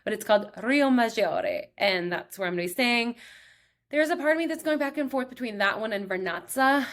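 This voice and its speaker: A young woman hosting her own show, talking in a chatty, excitable way full of fillers. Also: a little high, fairly quick. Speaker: podcast host. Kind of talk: casual solo chat.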